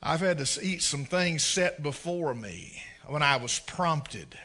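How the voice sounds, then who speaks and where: A man's voice: fairly high pitch, a little slow. A man preaching a sermon, telling folksy stories and acting out the scenes. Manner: folksy, animated storyteller who acts out scenes. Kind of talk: storytelling sermon.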